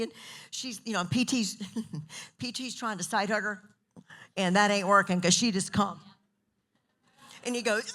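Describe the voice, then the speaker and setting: A middle-aged woman giving a casual women's ministry talk, telling stories and acting out other people's voices. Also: brisk. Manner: animated, acts out quoted voices with big pitch jumps. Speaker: pastor's wife leading a women's talk. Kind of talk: casual sermon storytelling.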